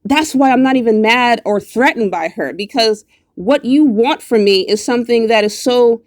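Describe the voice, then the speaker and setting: A woman's voice: a little high, moderate pace, no room sound, clean studio sound. Woman ranting, profane and mocking. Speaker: vlogger. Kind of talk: angry direct-to-camera rant.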